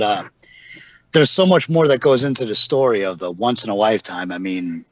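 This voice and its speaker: Podcast guest, male, mid-pitched, rambling anecdotal storyteller, dry and muffled lo-fi sound. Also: fairly bright tone, dry recording. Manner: rambling anecdotes full of fillers. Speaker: podcast guest, pro wrestler. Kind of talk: casual storytelling interview. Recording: dull lo-fi podcast audio.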